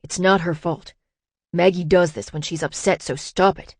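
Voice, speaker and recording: A woman's voice: fairly low pitch, steady tone, normal speed, no room sound, clean studio sound. A woman voicing a fiercely protective young man who talks through gritted teeth. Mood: angry. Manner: growling, gritted.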